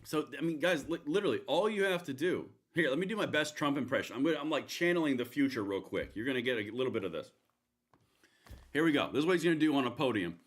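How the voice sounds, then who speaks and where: A man's voice: mid-range voice, animated, fast talker. A man hosting a live political commentary stream, talking in a rambling, sarcastic way with many restarts. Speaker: livestream host.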